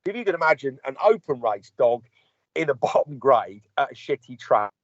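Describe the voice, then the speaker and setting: A man tells a rambling, sweary story as a podcast co-host, his pitch rising and falling in wide, lively swings. The sound is close and dry, with a dull, lo-fi tone. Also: normal speed, no room sound. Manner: long-winded anecdotes, sweary, acts out quoted dialogue. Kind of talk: casual storytelling chat.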